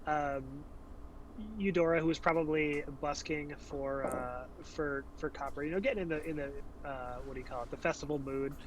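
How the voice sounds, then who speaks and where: A man's voice: a little high, steady tone, normal speed, background noise. A man narrating his character's actions in a tabletop game, rambling and searching for words. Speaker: player.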